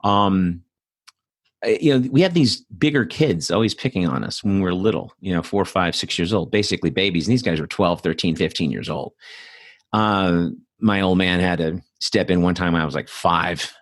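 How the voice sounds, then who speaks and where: A man's voice: low-pitched, normal speed, dry recording. A middle-aged man hosting his own show, talking alone in a blunt, profane, casual way with lots of fillers. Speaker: podcast host. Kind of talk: solo casual monologue.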